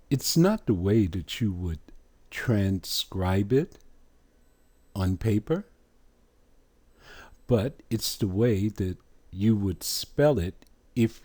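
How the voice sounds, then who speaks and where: A religious teacher with a warm, lowish voice coaches pronunciation at a deliberate, unhurried pace. He stretches the sounds out and puts rhetorical questions to his listeners.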